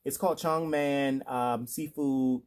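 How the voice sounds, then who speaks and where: A man's voice: medium pitch, steady tone, takes it slowly. A man co-hosting a casual chat over a meal, chatty and eager as he talks to the audience. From Washington, D.C. area. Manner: chatty and enthusiastic, leaning into the audience. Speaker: podcast co-host.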